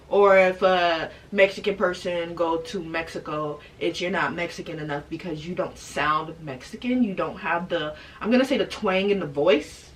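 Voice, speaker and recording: Young woman vlogger, animated casual rant, fairly high voice, a bit away from the mic. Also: far from the mic. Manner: animated, emphatic, repeats points.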